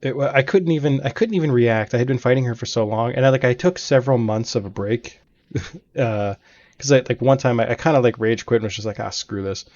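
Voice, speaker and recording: A man's voice: medium pitch, a little fast, a little mellow, muffled recording. A man hosting a let's play, telling long stories about beating game bosses in a chatty, rambling way from his home gaming room. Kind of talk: casual gaming commentary.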